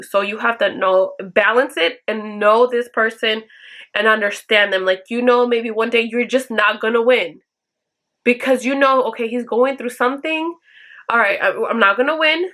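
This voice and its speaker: A woman's voice: on the high side, sharp tone. A woman talking straight to her viewers, giving blunt, profane advice in a casual chat and acting out the lines she quotes. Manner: acts out quoted lines in a raised voice. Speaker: vlogger answering viewer questions.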